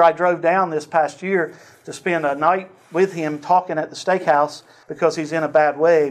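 A man preaching, telling a personal story in a sermon with lively acted-out dialogue and frequent chuckles. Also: high-pitched. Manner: animated storyteller, acts out dialogue, chuckles often.

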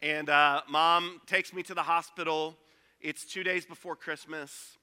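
A man preaching in a church hall with a long reverb tail. His voice sits high and very bright. He tells stories in a loose, conversational way and acts out quoted lines. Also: level tone, a little slow, smooth. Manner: storytelling, conversational with acted quotes. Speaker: pastor. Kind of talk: sermon.

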